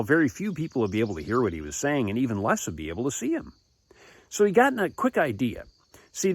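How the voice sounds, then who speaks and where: Lively male storyteller for children. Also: mid-range voice, no echo. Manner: animated, expressive storytelling. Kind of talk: Bible story told to children.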